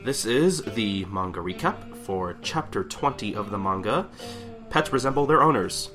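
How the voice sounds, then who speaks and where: A man's voice: on the low side, lively intonation, normal speed, music in the background. Rambling young man recapping manga. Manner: rambling, self-interrupting, acts out characters' lines. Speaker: podcast co-host. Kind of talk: casual chat recapping manga chapters.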